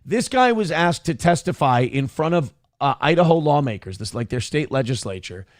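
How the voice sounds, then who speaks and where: A man's voice: fairly high pitch, very animated, moderate pace, no room sound, clean studio sound. Profane, laughing morning-show host man. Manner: loose, profane, laughing, does mock voices in stories. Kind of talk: casual banter and reading chat messages.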